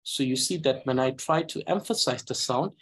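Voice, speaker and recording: A man with a Tibetan accent teaching a language reading lesson, talking slowly and carefully with frequent hesitations. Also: medium pitch, a bit bright, slightly rough. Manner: slow, careful, hesitant with many uhs. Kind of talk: slow reading lesson with explanation.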